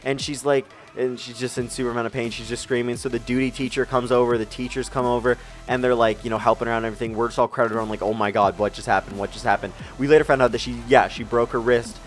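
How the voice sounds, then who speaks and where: A man's voice: medium pitch, flat delivery, fast talker, hardly any pauses, soft background music. A young man casually telling funny stories from his life, rambling with fillers and the odd swear word. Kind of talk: casual storytelling over gameplay.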